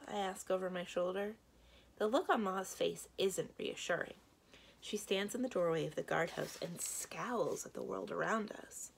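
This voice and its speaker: A woman librarian reading a children's chapter book aloud with steady storytelling. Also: fairly low pitch, vocal fry, husky.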